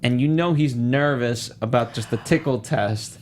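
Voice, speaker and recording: A man's voice: mid-range voice, normal speed, a little hiss or hum. A man co-hosting a casual movie review, talking animatedly and acting out quoted lines. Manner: animated, acts out lines in character voices. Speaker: podcast co-host.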